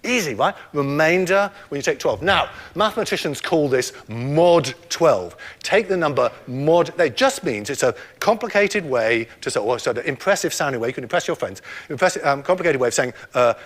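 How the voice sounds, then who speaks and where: A man's voice: on the high side, expressive, brisk, fairly bright tone. An older man giving a public lecture, explaining math step by step in a playful way and quizzing his audience.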